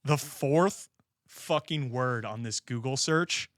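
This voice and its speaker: A young man co-hosts a casual podcast, telling stories with plenty of laughter. He acts out other people's lines as he talks. His voice is mid-pitched and sits close and dry. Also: takes it slowly, dry recording. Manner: animated storytelling, laughing, acting out quotes. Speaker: podcast co-host. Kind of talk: casual chat.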